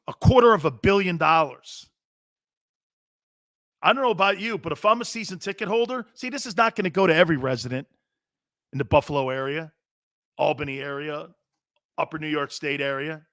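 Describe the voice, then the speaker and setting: A man's voice: high voice, pushed and bright, no room sound, clean studio sound. A man hosting a sports talk show, delivering a brash, opinionated monologue full of rhetorical questions and slang.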